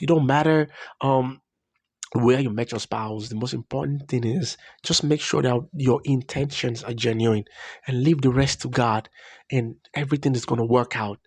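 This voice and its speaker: A man's voice: mid-range voice, no echo. A young man, earnestly telling a personal story in a vlog. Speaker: vlogger.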